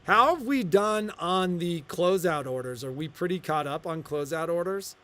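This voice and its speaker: A man's voice: high-pitched, normal speed. A middle-aged man co-hosting a shop livestream, telling stories in casual chat and acting out the dialogue. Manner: animated storyteller, acts out quoted dialogue. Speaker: shop co-owner and livestream host.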